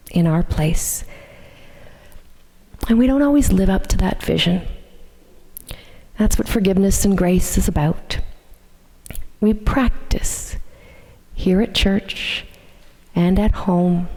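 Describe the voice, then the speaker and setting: Slow, mellow woman preaching in a reverberant church. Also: medium pitch, creaky. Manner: measured, gentle storytelling delivery. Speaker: minister. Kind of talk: sermon. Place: church sanctuary. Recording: long hall reverb in a church.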